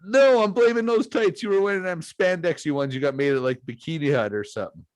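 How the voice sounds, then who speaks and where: A man's voice: fairly high pitch, fast talker, dry recording. A man hosting a podcast, chatting casually and telling stories with lots of fillers. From Canada. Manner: laid-back storytelling with frequent fillers. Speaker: podcast host. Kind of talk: casual chat.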